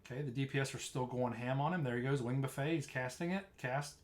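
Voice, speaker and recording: A man's voice: mid-range voice, fast talker. A man casually explaining tanking tactics while narrating a replay of his own gameplay, talking loosely with frequent restarts. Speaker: streamer explaining raid tanking.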